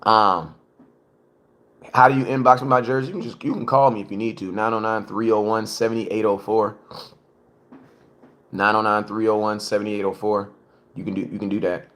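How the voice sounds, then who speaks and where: A man's voice: lowish voice, flat delivery, fairly bright tone. Slangy man chatting on a live stream. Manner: slangy, chatty, repeats himself, slows words for emphasis. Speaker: livestream host. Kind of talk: casual live-stream sports talk. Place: home, cooking. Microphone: phone for live stream.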